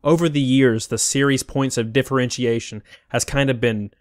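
A man's voice: medium pitch, steady tone, moderate pace, no room sound, clean studio sound. A man narrating a scripted game review in a wistful, opinionated way. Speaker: YouTube game critic.

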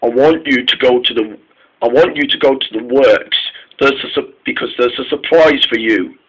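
A man's voice: mid-range voice, normal speed, fairly bright tone, breathy edge, rough recording. A man doing the railway boss in a storybook. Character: stout railway boss with news.

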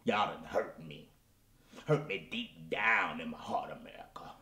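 A man's voice: sits low, lively intonation, takes it slowly, fairly bright tone, reverberant, exaggerated voice. A man playing a washed-up, self-pitying male soul crooner in a comedy character monologue, melodramatic and pleading, dropping at times into whispers. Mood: wounded, pleading. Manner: melodramatic, pleading, addresses the audience, drops to whispers.

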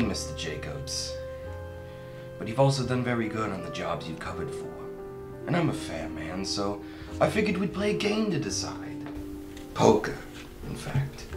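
A man playing a smooth, menacing mob boss in an overacted gangster manner. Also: lowish voice, big pitch swings, measured pace, pauses often. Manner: overacted gangster delivery, then mangled fake accents. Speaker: actor in a sketch. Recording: roomy echo under music.

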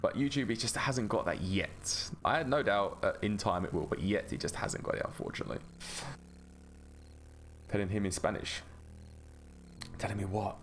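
A man's voice: lowish voice, normal speed, pauses often, a bit bright, slight background noise. A man rambling and chatting with an easy laugh while he gives casual gameplay commentary as a gaming YouTuber.

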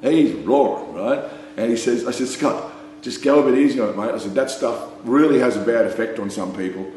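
An Australian man tells a loose, rambling story at an ordinary pitch, peppering it with "mate" and laughing at his own tale. His voice bounces around a strongly echoing room, with a faint hum underneath. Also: brisk, a little mellow. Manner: rambling, laughing, full of "you know" and "mate". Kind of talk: casual anecdote.

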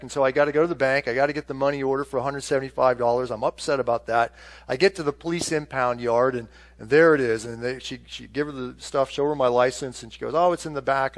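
A middle-aged male pastor preaching a sermon, telling a personal story with animated delivery that drops to soft, hushed tones in prayerful moments. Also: mid-range voice.

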